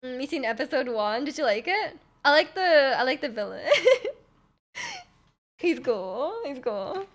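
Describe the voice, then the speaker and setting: A young woman with a high, light voice chats casually on a livestream. She rambles in a friendly way, answers viewers' questions and often restarts her sentences. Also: huge pitch swings, measured pace, pauses often, a bit bright. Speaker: livestreamer reading chat.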